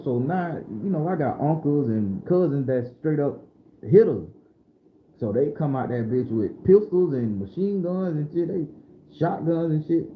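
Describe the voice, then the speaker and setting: A middle-aged man from southern Florida tells a story in a casual, streetwise style, cursing freely. His voice is dark and his pitch swings widely. He sits in an echoey room. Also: a little slow, slight background noise. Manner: animated, profane, streetwise storytelling. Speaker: storyteller host.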